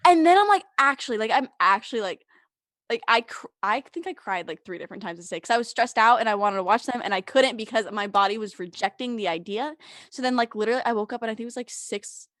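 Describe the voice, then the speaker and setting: A woman's voice: fairly high pitch, a bit bright, no room sound, studio quality. A young woman co-hosting a podcast, telling a long story in casual chat, full of "like" and laughter. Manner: rambling storyteller, heavy use of "like", frequent laughter. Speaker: podcast co-host.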